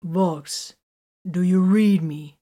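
A woman voicing a hot-tempered male captain who talks loudly and demands answers. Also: fairly low pitch, very slow. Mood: exasperated. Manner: loud, exasperated, demanding.

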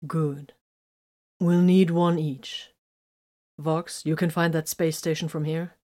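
Brief: a woman reading as a steady male warrior leader, firm and commanding, lowish voice. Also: takes it slowly. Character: calm protective male space marine leader.

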